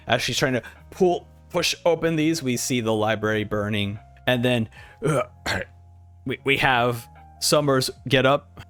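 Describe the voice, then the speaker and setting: A man's voice: medium pitch, moderate pace, faint music behind. A man hosting a casual manga reaction, narrating panels and acting out the dialogue. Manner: animated, acts out dialogue. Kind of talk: casual commentary.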